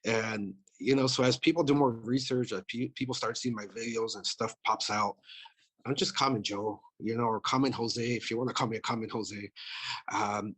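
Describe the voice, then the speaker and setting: Running for office, this man speaks bluntly and profanely in a casual interview, leaning on "you know" again and again. His voice is mid-range and a bit bright.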